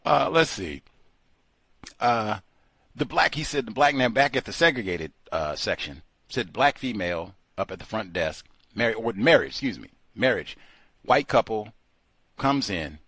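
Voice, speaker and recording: Animated male talk radio host. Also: fairly low pitch, moderate pace, slightly rough, dry recording. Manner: animated, laughing, acts out quoted people. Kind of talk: casual call-in commentary.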